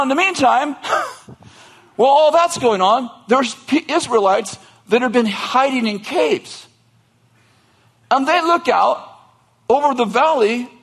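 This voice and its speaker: A man delivers a sermon as loose, comic storytelling, full of asides, restarts and frequent laughter. His voice sits high for a man and is husky. Its pitch swings widely as he plays up the tale. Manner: animated, joking, laughs often between lines. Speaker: pastor.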